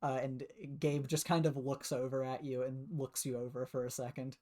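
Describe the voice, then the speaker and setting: A man narrating a tabletop role-playing game as game master, relaxed and full of filler words. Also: mid-range voice, moderate pace. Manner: relaxed, filler-heavy narration with many uhs.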